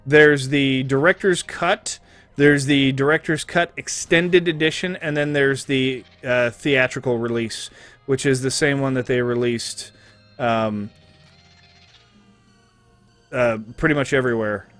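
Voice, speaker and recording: A man's voice: mid-range voice, measured pace, a bit bright, faint music behind. A man streaming a game, chatting casually in a rambling, joking, profane way.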